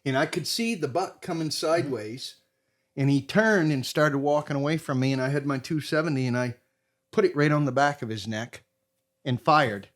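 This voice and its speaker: A middle-aged man from Maine, a podcast guest telling a casual hunting story in an animated way and acting out what people said. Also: on the high side, normal speed. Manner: animated storyteller who acts out quotes.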